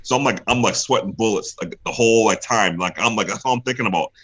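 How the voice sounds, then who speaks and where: A man's voice: lowish voice, fast, a bit bright, husky. A young man guesting on an interview show, telling a story casually, acting out what other people said and laughing often. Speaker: guest, pro wrestler.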